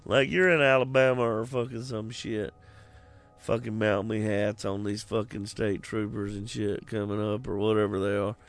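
Man, gravelly voice, casual movie chat, profane, rambling. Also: lowish voice, little pitch movement, normal speed. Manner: profane, rambling, does goofy southern voices.

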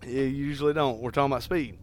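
A man's voice: medium pitch, steady tone, very fast, a little hiss or hum. A man co-hosting a podcast, swearing freely as he retells a movie plot in casual chat. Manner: profane, keeps retelling the plot. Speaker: podcast co-host.

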